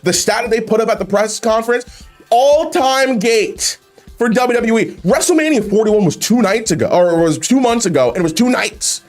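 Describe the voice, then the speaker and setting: A man hosting a video, ranting about wrestling in an exasperated, profane way with heavy swearing. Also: very high-pitched. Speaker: YouTube host reacting to wrestling memes. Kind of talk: ranting commentary.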